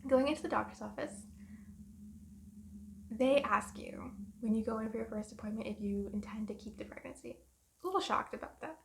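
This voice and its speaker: A young woman in her twenties rambling through a personal story in a vlog, soft and emotional with many pauses and ums. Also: a little high, vocal fry. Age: 20s. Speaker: vlogger.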